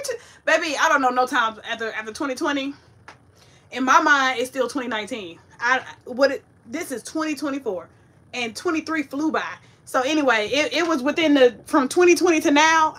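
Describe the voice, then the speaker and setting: A woman hosting a casual home-kitchen cooking livestream, chatty and sassy, talking straight to her viewers. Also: sits high. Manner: chatty, animated, talks to viewers, sassy Southern-flavored slang. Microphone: ring light setup.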